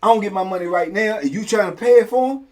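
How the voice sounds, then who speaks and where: A middle-aged man spins a story in loose, slang-filled talk. His voice sits high for a man, and he jumps into the voices of each person in the story as it unfolds. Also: fast. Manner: slang-heavy, animated, acts out both sides of dialogues. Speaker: host and storyteller. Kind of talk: casual spoken storytelling.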